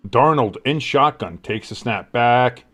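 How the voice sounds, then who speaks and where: A man hosting a live football stream, calling play-by-play in a rambling, excitable, casually profane way. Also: mid-range voice, measured pace. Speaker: host.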